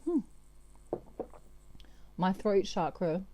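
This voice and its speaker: Chatty woman with a very dark voice. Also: medium pitch, sing-song, very slow, slight background noise. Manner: chatty, with frequent fillers and asides. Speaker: tarot reader. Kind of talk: casual channelled tarot reading.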